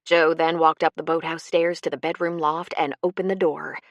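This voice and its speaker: Brief: female audiobook narrator, tense and dramatic, lower register, dry sound. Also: flat delivery, moderate pace, dry recording. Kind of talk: scripted narration.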